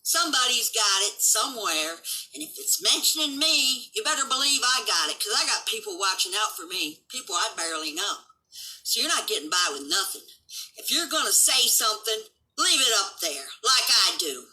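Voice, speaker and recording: A woman of seventy hosting a livestream, delivering an angry, combative rant full of swearing and occasional shouting. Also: fairly high pitch, very animated, moderate pace, poor audio. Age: 70s. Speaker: livestream host.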